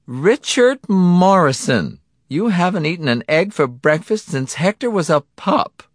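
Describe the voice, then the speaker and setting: A man reading a story, voicing a brisk adult wife with an airy, chiding manner. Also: high-pitched, very animated, dry recording, studio quality, pitched above the performer's own voice.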